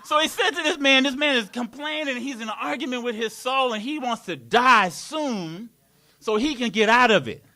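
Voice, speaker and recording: A man's voice: very high-pitched, animated, normal speed, bright, forceful tone. A man preaching a live sermon in a community worship hall, playful and laughing, with call-and-response.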